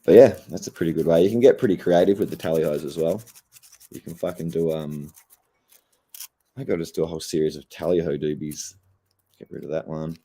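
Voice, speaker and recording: A stoned young Australian man with a very deep, dark and mellow voice. He talks in a loose, laid-back ramble, swearing constantly as he chats to his livestream. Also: steady tone, a little fast, pauses often, breathy edge. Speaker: streamer. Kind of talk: casual livestream chat.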